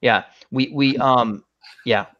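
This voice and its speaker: A middle-aged man hosts a relaxed chat and jokes his way through anecdotes, doing quick voices for the people in his stories. His voice sits in an ordinary middle pitch. The recording sounds a little dull and lo-fi. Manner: joking storyteller, acts out voices in anecdotes. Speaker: host. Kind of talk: casual chat.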